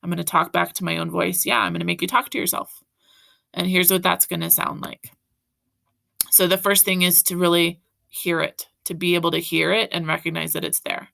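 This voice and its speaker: Woman teacher, bright gravelly voice, encouraging video lesson to students, close and dry. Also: lowish voice, fairly even intonation, normal speed, no echo. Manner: encouraging, talks directly to students with frequent "right?".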